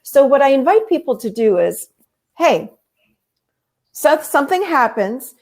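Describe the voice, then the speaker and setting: A woman therapist and life coach talks through her ideas in an easy conversational way. Her voice sits a little high for a woman, and she tells stories with energy, slipping into the voices of the people she quotes. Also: normal speed. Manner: animated storytelling, acting out quoted voices. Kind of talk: conversational explaining.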